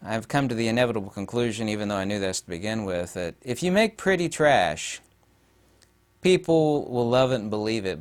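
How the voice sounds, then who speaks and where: A man talking in a casual vlog monologue, rambling and halting with many fillers, turning emphatic and mocking on his points. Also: lowish voice. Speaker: video host.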